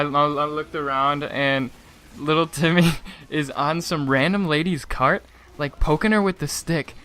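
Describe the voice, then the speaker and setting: A man's voice: on the high side, fairly bright tone, slight background noise. A young man casually ranting through a story, with lots of fillers, restarts and laughing asides. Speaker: gaming channel host.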